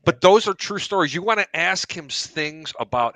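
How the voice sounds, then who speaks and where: A man hosting a sports talk show, telling long animated anecdotes with asides to his co-hosts. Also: a little high, normal speed, few pauses, no echo, poor audio. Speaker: host.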